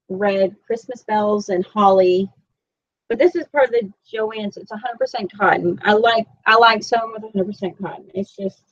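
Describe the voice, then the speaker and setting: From her home, a sewing instructor streams a live tutorial, talking in a chatty, meandering, self-deprecating style. Her Southern Florida accent comes through at medium pitch, though the computer mic leaves the audio dull.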